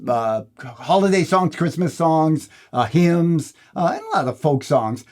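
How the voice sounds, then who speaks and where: A man's voice: on the high side, darkish tone. A man giving a guitar lesson, explaining rhythm and counting the beats aloud in a friendly way. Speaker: guitar teacher. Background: guitar strumming.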